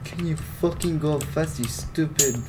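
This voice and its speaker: A man's voice: fairly high pitch, measured pace, slight background noise. Cursing man playing a horror game. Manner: swearing constantly, jumpy and excitable. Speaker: player. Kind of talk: casual gaming commentary.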